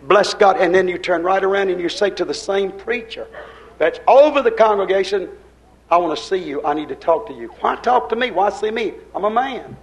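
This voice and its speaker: An older man preaching a sermon. He swings between loud, pushed lines and hushed, quiet ones. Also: high-pitched, expressive, a little fast, low-quality recording. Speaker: pastor.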